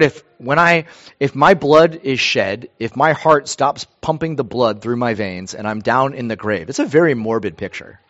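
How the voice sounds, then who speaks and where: A man's voice: mid-range voice, fairly bright tone. Earnest man preaching, muffled sound. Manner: earnest, emphatic preaching with repeated phrases. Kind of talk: sermon.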